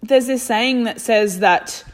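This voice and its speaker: A woman's voice: fairly high pitch, slow pace. A young woman talking candidly in a reflective personal vlog, thinking aloud and swearing freely. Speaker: vlogger.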